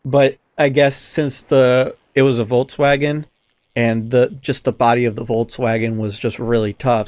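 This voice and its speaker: A man's voice: mid-range voice, a little slow, no room sound. Guy on a podcast telling a story, swears a bunch, acts out what people said, dry close sound. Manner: animated storyteller, acts out quotes, swears often. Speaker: podcast co-host. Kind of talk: casual chat.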